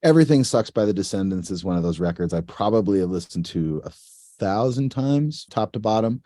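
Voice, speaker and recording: A man's voice: on the low side, animated, brisk, dark tone, no echo, studio quality. A man from the northeastern United States chatting as a guest musician in an interview, laid-back and joking, swearing casually.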